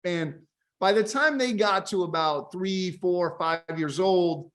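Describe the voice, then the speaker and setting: Energetic, high-voiced man telling his story. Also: slow. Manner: energetic, tags sentences with "right?". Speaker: guest, company founder. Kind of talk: casual interview chat.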